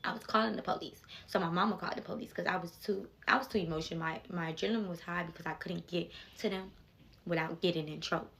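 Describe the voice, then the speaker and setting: A woman's voice: lowish voice, fairly even intonation, quick pace, creaky, fairly bright tone. A young woman telling a personal story in a casual vlog, emphatic and talking straight to her viewers with repeated asides.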